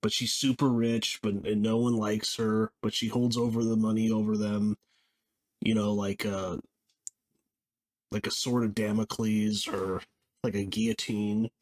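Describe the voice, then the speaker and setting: A man's voice: fairly low pitch, flat delivery. Rambling man reviewing a film. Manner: rambling, halting, with frequent restarts and chuckles. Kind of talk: casual spoken movie review.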